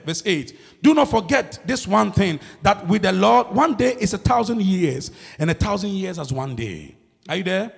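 A man preaching a sermon as pastor, swinging between loud shouts and low murmurs. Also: vocal fry, husky. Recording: long hall reverb.

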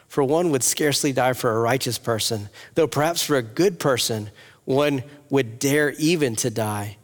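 A man preaching an earnest sermon as a pastor, rising at times to impassioned appeals. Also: mid-range voice. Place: church hall with audience. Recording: long hall reverb.

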